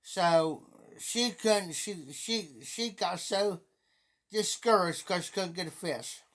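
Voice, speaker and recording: A man's voice: sits high, takes it slowly, fairly bright tone. A middle-aged man live-streaming, telling a casual story in a rambling way that keeps circling back and repeating itself. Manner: rambling, repeats himself often.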